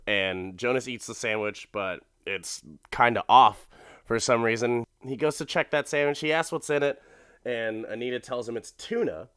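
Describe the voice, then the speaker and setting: A man's voice: mid-range voice, fairly bright tone, clean tone, dry recording, clean studio sound. Profane, laughing man recapping. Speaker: podcast host. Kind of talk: comedic episode recap.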